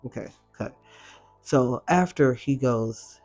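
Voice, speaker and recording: A man walking through a show recap in easygoing, slang-heavy talk, cursing without a second thought. His voice sits at an ordinary middle pitch. Soft music plays faintly underneath. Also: takes it slowly. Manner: slangy, expressive, swears freely. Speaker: reaction video host. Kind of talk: casual recap commentary.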